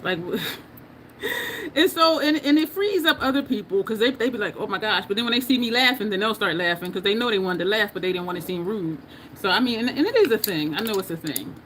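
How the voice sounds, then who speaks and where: A woman from New Jersey, with a New Jersey and New York accent, chats casually with viewers while doing her makeup on a livestream, laughing often. Her animated voice is medium-pitched, a little fast and fairly bright, with slight background noise.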